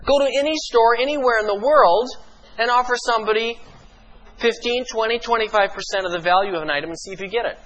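A man preaching a sermon as pastor, emphatic and full of rhetorical questions, slowing down for dramatic pauses. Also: very high voice, fairly bright tone, rough recording.

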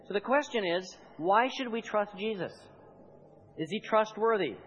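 A high-pitched man preaching with rising fervor, pressing his points through insistent repetition. He calls on the congregation to answer him back. The recording is a little muffled, with faint hiss behind him. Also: expressive, moderate pace, fairly bright tone. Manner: building to fervent, emphatic repetition. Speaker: pastor. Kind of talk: sermon.

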